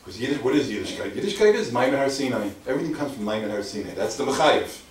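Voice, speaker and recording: A man, a rabbi, giving an animated storytelling lecture, mixing in Hebrew and Yiddish terms and hammering his points home by repeating them. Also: mid-range voice, fast. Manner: emphatic, repeats key phrases. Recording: echoey hall from far off, faint noise.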